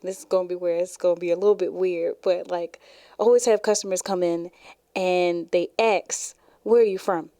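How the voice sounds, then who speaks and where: A woman's voice: fairly low pitch, steady tone, moderate pace, warm tone, no room sound, clean studio sound. A young woman hosting her own podcast, chatting casually and rambling, laughing often. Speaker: podcast host. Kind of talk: casual solo podcast chat.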